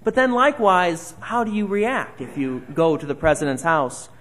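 A man's voice: high voice, big pitch swings, moderate pace, fairly bright tone. Man preaching with rhetorical questions. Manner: conversational, asks many rhetorical questions. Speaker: pastor. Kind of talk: sermon.

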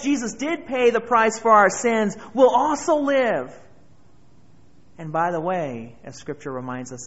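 A male pastor delivers an earnest sermon in a fairly high voice. He swells louder on key phrases. The recording is muffled and dull.

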